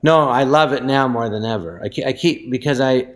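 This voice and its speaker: A man appearing as a guest in an improvised comedic interview. He stumbles and restarts his sentences and sometimes flares into shouting. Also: mid-range voice, fairly quick.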